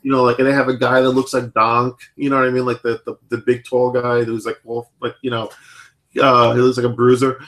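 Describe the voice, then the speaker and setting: A man's voice: medium pitch, monotone, fairly quick, fairly bright tone. Rambling man, casual chat. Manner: rambling, full of "like" and "you know" fillers.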